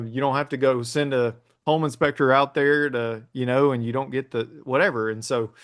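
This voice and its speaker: A man as an interview guest, telling a story in a relaxed way with plenty of ums and restarts. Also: medium pitch. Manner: relaxed storytelling with many fillers. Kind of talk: casual interview conversation.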